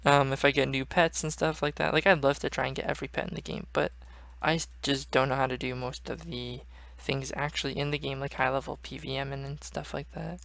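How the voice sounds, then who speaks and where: Young guy rambling about games, gravelly, kinda monotone, dry mic. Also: medium pitch, fairly quick, few pauses, dry recording. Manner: rambling, swears casually, trails off. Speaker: gaming channel host. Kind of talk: casual gaming vlog chat.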